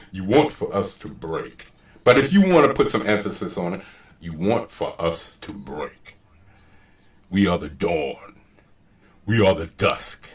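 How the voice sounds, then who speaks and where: A man voicing an ominous, deep-voiced dramatic narrator with a slow, heavy, menacing delivery.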